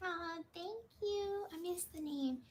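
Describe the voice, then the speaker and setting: A woman's voice: very high-pitched, slow, slight background noise. A woman chatting on a livestream, bubbly and talkative, thanking viewers by name. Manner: chatty, bubbly, reads viewer names aloud. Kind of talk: casual chat.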